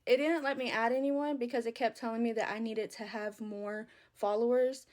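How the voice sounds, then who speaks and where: A young adult woman chats casually with viewers on her phone livestream, full of fillers and relaxed Southern phrasing. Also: fairly high pitch, normal speed. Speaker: livestream host. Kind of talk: casual live stream chat.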